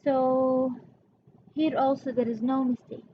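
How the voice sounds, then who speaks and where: A woman's voice: high-pitched, little pitch movement, slow pace, dull audio, a little hiss or hum. A woman English teacher, explaining grammar step by step in a patient way and calling her students "my dear". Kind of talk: classroom revision lesson.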